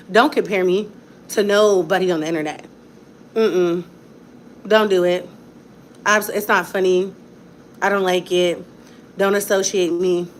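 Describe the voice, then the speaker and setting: Defiant ranting mom vlogger. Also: female voice, medium pitch, a little hiss or hum. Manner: emphatic, repetitive and defiant. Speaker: mother and vlogger. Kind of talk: home vlog rant. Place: home at night, indoors. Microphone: phone on a ring light setup.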